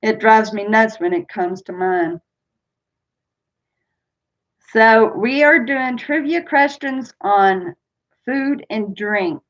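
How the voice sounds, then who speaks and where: A woman hosting a casual live-stream trivia game, chatty and laughing often as she reads out questions and chats with viewers. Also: medium pitch. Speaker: livestream trivia host. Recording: dull lo-fi stream audio.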